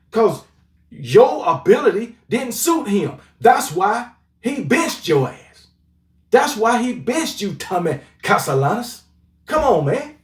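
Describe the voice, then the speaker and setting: A man with a high voice and a drawl trash-talks a rival team in an opinionated sports rant. He keeps repeating catchphrases. His voice echoes around the room from some way off the mic. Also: recorded from a distance. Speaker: sports commentary vlogger. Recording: roomy echo, voice off-mic.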